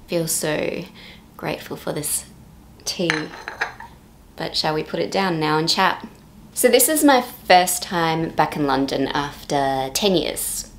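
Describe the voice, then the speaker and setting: A woman's voice: deep voice, animated, slow, a little hiss or hum. A woman in her thirties narrating a casual vlog in a chatty way, with playful joking asides. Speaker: vlogger.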